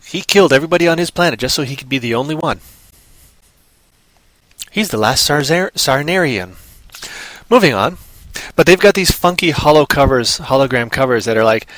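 A man's voice: mid-range voice, animated, fairly quick, pauses often, a bit bright, no room sound. A man hosting a casual comic book show, talking in a chatty, jumpy, playful way and throwing in sound effects. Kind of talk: casual live-stream chat.

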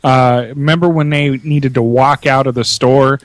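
A man with a slight Southern accent in a casual comedic podcast chat, teasing and quick to laugh. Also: medium pitch, no echo. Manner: laughs a lot, teasing, lively.

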